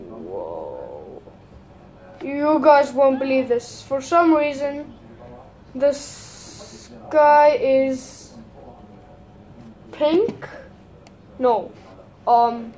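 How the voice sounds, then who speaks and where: A woman's voice: high voice, warm tone. A woman using a put-on Irish accent, giving rambling, hesitant gameplay commentary full of fillers. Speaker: gamer.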